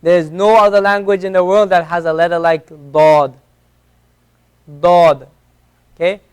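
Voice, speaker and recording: A man's voice: high voice, steady tone, a little fast, clear, resonant tone. A man teaching an Arabic class, patiently drilling each letter sound again and again for his learners in a classroom. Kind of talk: classroom lesson.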